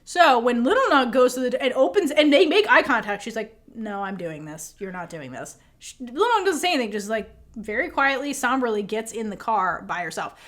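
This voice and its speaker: A woman's voice: high-pitched, lively intonation, a little fast, hardly any pauses. A woman co-hosting a podcast, recapping a TV episode in casual chat, acting out the characters' lines with swearing and laughter. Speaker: podcast co-host.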